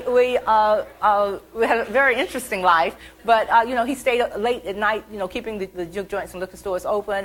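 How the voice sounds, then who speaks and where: A middle-aged woman from the American South, an author telling animated stories about her childhood at a library event. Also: medium pitch, low-quality recording. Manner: chatty, animated, acts out childhood quotes. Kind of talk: storytelling talk.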